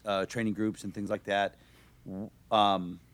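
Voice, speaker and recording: A man's voice: lowish voice, level tone, measured pace, no echo. A man co-hosting a podcast, asking long, rambling, joking questions. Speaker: podcast co-host.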